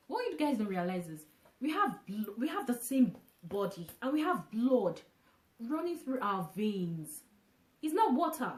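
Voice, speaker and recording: A woman vlogging casually to camera, from Nigeria, who talks in an animated way, repeating phrases and restarting often. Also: mid-range voice, echoey room.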